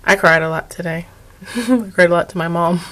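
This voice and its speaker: A woman's voice: lowish voice, brisk, a bit bright. A young adult woman talking through her video diary, weary and emotional, rambling. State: tired. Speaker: vlogger.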